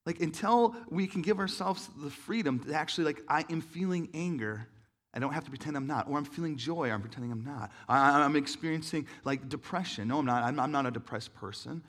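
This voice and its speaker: A man's voice: a little high, a little fast, fairly bright tone. A man in his thirties telling a personal story in an earnest, emotional sermon, with many restarts and fillers.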